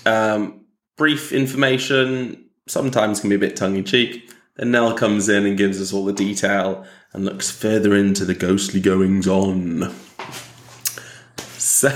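A man's voice: on the low side, fairly even intonation, unhurried, reverberant. A man co-hosting a casual podcast, joking and teasing and laughing often. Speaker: podcast co-host.

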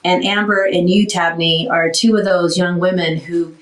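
A woman's voice: fairly low pitch, steady tone, normal speed, reverberant, distant mic, low-quality recording. Woman in her sixties, winded. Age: 60s. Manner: emotional, rambling, grateful. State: short of breath. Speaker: radio talk show host. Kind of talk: casual radio chat.

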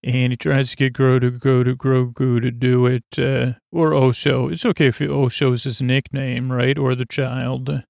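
A man with a gravelly, fry-tinged voice drifts through a sleep podcast recap. He talks in a flat, even line, full of fillers and restarts, and wanders off on tangents. He is close to a dry, dead-sounding mic. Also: measured pace, few pauses, no echo. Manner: rambling, full of fillers and self-corrections; low-key, drifting and digressive. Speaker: podcast host.

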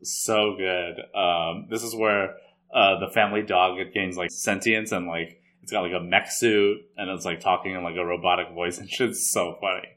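A man's voice: sits low, steady tone, normal speed, a bit bright. A man co-hosting a podcast, chatting casually in a rambling way with lots of filler words. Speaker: podcast co-host. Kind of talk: casual chat.

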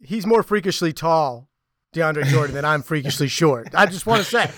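A man's voice: fairly high pitch, normal speed, no echo, clean studio sound. A man telling a story in casual podcast chat, acting out what people said. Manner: animated storyteller, acts out quotes.

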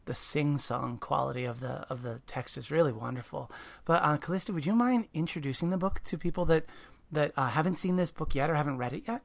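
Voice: medium pitch, vocal fry. An interview host talking about a picture book, praising it and often restarting sentences mid-thought. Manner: warm praise, halting restarts.

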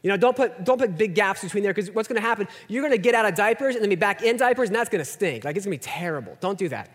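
A man with a high voice preaching a sermon in a casual, joking way. He drops almost to a whisper for emphasis, and his words ring out with a long reverb across a large church hall. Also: animated, rapid-fire. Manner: conversational and self-deprecating, drops to near-whispers for emphasis. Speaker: pastor.

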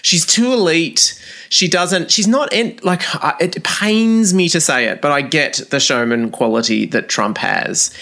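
A man co-hosting a podcast, talking in a wry, animated way and often laughing. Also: a little high, a little slow, gravelly. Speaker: podcast co-host. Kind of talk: casual chat.

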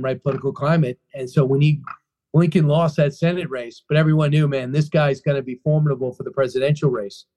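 Man, author being interviewed, emphatic storytelling, restarts and repeats phrases, mellow voice. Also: on the high side. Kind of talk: animated storytelling interview answers.

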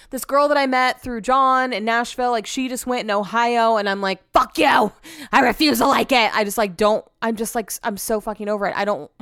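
Smooth-voiced woman venting on a podcast. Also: on the high side, fairly even intonation, brisk, a bit bright, no room sound, clean studio sound. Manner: rambling and venting, heavy use of "like" and swearing. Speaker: podcast host. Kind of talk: casual chat.

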